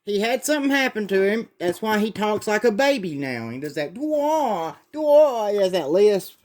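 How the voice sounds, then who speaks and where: A man's voice: sits high, animated, a little fast. A man reading a comic aloud and chatting about it with fan enthusiasm. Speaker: comic book reader. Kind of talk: casual comic read-aloud with commentary.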